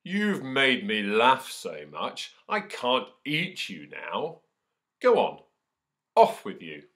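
A proud storybook lion, king of the beasts, voiced by a man booming loudly and slowly. The voice is big and commanding, with a roar behind it. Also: wildly swooping pitch, heavily acted. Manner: booming, roaring with laughter.

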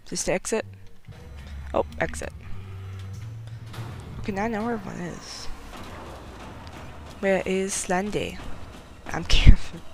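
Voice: mid-range voice, normal speed, vocal fry, long pauses, a little hiss or hum, low-quality recording. Giggly, jumpy gameplay commentator. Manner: chatty, giggly, self-mocking; jumpy and nervous when danger is near. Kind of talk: casual let's-play commentary.

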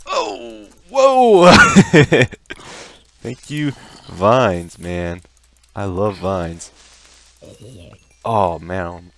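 A young man giving let's play commentary on a video game, easily startled into yelps and laughs between calm, musing remarks. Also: deep voice, very slow, pauses often. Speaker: gaming commentator.

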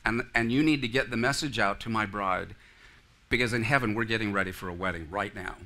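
A man's voice: lowish voice, a little fast, bright, forceful tone. A male pastor preaching a sermon in a church, earnest, with asides to the congregation. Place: church sanctuary.

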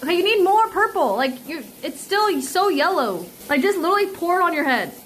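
A woman's voice: extremely high pitch, big pitch swings, brisk, a little hiss or hum, poor audio. A woman streaming live, chatting and giggling while giving step-by-step directions. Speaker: streamer host. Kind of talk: casual live-stream chat.

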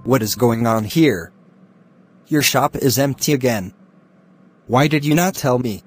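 A man voicing a wealthy, secretly wicked uncle in a Christian cartoon, speaking in a bossy, scornful way with a husky voice. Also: mid-range voice, a little slow, soft background music, close to an everyday voice. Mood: concerned. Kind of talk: Christian animation voice acting.

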